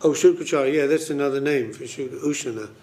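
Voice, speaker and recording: A man's voice: mid-range voice, fast talker, dark tone. A man leading a scripture study group, explaining verses casually with many fillers. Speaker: class leader.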